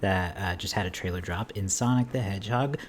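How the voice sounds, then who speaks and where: A man's voice: deep voice, brisk, a little hiss or hum. A man hosting a casual movie podcast, with dry, sarcastic humor and mock enthusiasm. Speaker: podcast host.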